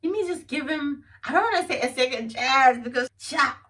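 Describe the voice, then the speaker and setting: Young South African woman, vlogger, animated storyteller; higher, bright tone, recorded a little distant. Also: a little fast. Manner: animated, dramatic, mixes English with Xhosa and Zulu phrases. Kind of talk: storytime vlog.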